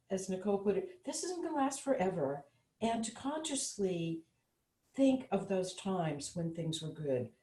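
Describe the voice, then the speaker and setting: A woman on an online panel who tells a short story and then gently leads a mindfulness practice. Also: medium pitch, echoey room, poor audio. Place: home room, video call.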